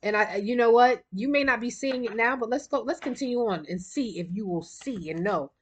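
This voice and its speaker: A woman's voice: a little high, breathy edge. A woman giving a casual spiritual card reading, chatty and rambling, and a little out of breath. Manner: chatty, rambling, quick bursts of laughter. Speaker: tarot card reader.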